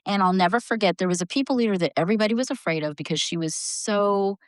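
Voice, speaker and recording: A middle-aged woman and HR leader, a podcast guest, telling a story in a lively conversational way. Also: medium pitch, quick pace, no room sound. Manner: animated, acts out voices in her stories.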